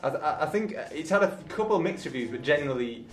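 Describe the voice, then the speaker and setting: A man's voice: fairly high pitch, lively intonation, quick pace, reverberant, faint music behind. Agreeable man in film chat. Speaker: film podcast panelist.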